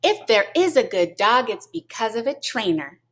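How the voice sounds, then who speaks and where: A woman's voice: fairly high pitch, big pitch swings, normal speed, a bit bright. A woman voicing a bossy mother cat who speaks emphatically and theatrically in a storybook read-aloud. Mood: dramatic.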